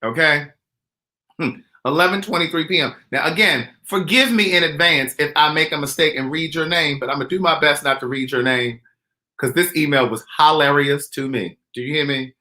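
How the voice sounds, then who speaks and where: A man vlogs at home, sassy and teasing, full of laughs. His voice is very bright and forceful. It sits a little high for a man. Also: moderate pace. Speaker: vlogger. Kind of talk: casual comedic vlog. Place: indoors at home.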